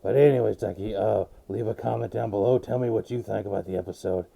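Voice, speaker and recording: Male anime vlogger, gravelly and low, recapping with excited rambling. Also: fast. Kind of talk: casual episode recap.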